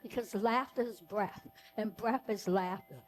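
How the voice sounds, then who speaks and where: A woman leading a live group breathing workshop, giving slow, soothing cues for each breath. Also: mid-range voice.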